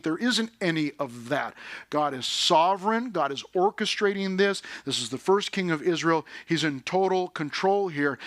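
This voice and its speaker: Lively, bright-voiced preacher man. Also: a little high, no room sound, studio quality. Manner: energetic, conversational preaching with vivid paraphrase. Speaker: pastor. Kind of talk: sermon.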